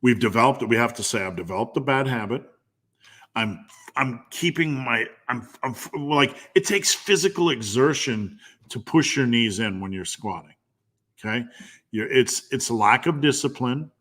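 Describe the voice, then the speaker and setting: A man of middle pitch talks as a strength coach answering a live question. He is blunt and profane, hammering the same point again and again with fired-up emphasis. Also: a bit bright.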